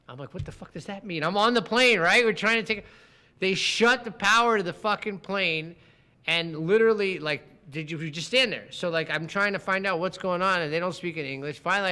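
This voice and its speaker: Animated middle-aged man telling a story. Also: sits high, clean tone. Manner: animated, swears a lot, acts out quotes. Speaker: podcast co-host. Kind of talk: casual storytelling chat.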